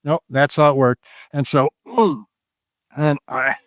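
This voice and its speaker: A man's voice: a little high, steady tone, slow, fairly bright tone, no echo. Here is an older man, a trader on an interview show, telling a story in a loose, rambling voice. He keeps stopping and restarting his sentences. The recording is dry and close, with almost no room sound. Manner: rambling, with many restarts and fillers. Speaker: guest trader. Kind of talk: casual storytelling.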